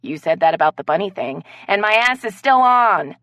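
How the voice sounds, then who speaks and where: A woman's voice: medium pitch, expressive, normal speed, no echo, pitched above the performer's own voice, lightly acted. A woman doing an exasperated, short-tempered woman. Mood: angry. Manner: sharp, exasperated.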